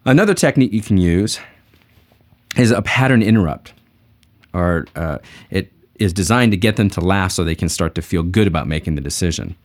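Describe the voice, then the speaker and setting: A man teaching sales techniques in a folksy, conversational manner and telling jokes to make his points. His voice sits on the low side. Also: animated, fairly quick. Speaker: sales trainer. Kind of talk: sales training lesson with anecdotes.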